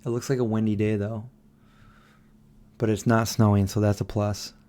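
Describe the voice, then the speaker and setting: On a late-night livestream, a tired host reads out viewers' messages and responds, rambling as he goes, speaking into a desk microphone. His lowish voice is warm and level, at normal speed.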